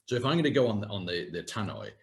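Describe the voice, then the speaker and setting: Male coach, 60s, low voice that swoops up and down, demonstrative and self-mocking, video call mic. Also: quick pace, creaky. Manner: animated, demonstrative, self-deprecating. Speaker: communication coach and presenter. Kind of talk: live online workshop talk. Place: home setting, UK. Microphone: video call webcam.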